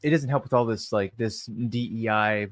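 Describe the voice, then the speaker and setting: A man with a low voice and very little melody chimes in on a podcast. His remarks are dismissive, delivered in an unhurried, casual way. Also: steady tone, dry recording. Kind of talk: casual conversation.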